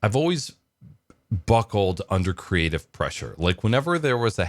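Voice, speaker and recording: A man's voice: on the low side, big pitch swings, normal speed, dry recording, clean studio sound. A man telling a joke and chatting casually in a morning vlog, rambling with lots of fillers. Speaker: vlogger.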